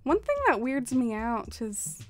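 A young woman live streaming a game, chatting casually with her viewers in a soft, rambling way full of fillers and trailing thoughts. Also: a little high, very animated, a little slow, soft background music. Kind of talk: casual stream chat while playing a game.

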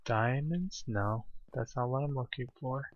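Slow, mumbling man playing a game. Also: medium pitch, no room sound. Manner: quiet mumbling to himself, self-deprecating. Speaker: video game player. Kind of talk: let's play commentary. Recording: dull lo-fi recording.

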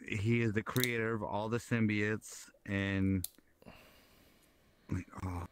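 A man's voice: fairly low pitch, flat delivery, unhurried, a little hiss or hum. A man chatting casually in a social VR hangout, rambling and swearing often while he has a drink. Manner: rambling, swears often, talks about comics. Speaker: streamer hanging out in social VR. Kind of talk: casual chat.

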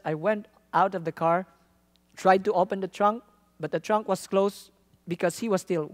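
A man from the Philippines, a traveling missionary telling a lively testimony in a sermon, laughing often and acting out the people in his story. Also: high-pitched, moderate pace. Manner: animated, laughs often, acts out quoted lines.

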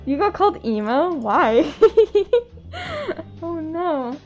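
Talking to her chat on a casual live stream, this giggly young West Coast woman laughs often. She speaks extremely slowly in a high, slightly mellow voice with big pitch swings, over faint background music.

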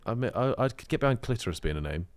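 A teasing, amused man in casual podcast banter. He has a crisp, resonant voice and a bouncy intonation. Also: medium pitch, lively intonation, racing, no echo. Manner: teasing, laid-back, amused. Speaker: podcast co-host. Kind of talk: casual chat.

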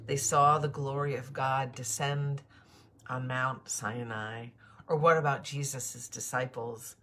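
A woman's voice: extremely low pitch, fairly bright tone. A woman pastor giving a morning devotion, greeting listeners by name and preaching earnestly with emphatic repetition.

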